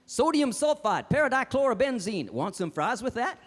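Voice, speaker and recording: Speaking in a very high, sing-song voice at a moderate pace, a stage comedian performs a stand-up character act as a fez-wearing beatnik poet. He trades in jive hipster talk and theatrical verse. The live stage recording carries reverb, music, and the audience.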